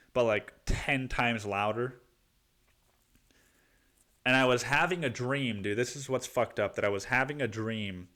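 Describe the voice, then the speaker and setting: A man from Cancun, Mexico hosts a solo podcast in a medium-pitched, slightly bright voice. He rambles casually, swears a lot, and keeps calling the listener "dude."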